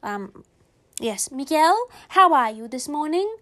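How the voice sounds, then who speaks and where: A cheeky, flustered girl posing as her little brother in class, rattling off quick excuses with plenty of stammers, as a woman storyteller voices her. Her voice rides a lively, bouncing pitch and sits fairly high, eager to call out answers. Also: heavily acted.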